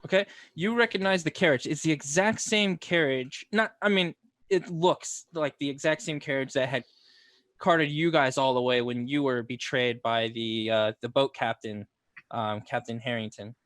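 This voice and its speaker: A man narrating a tabletop game as game master in a loose, halting way. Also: medium pitch, a bit bright, no echo, clean studio sound.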